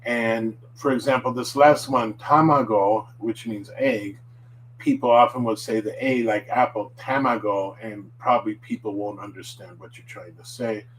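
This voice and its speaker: A man teaching a casual spoken lesson, patient and chatty, slowly drilling words for listeners to repeat, with frequent fillers and self-corrections. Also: on the low side, steady tone, a little hiss or hum, low-quality recording. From United States. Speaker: language teacher.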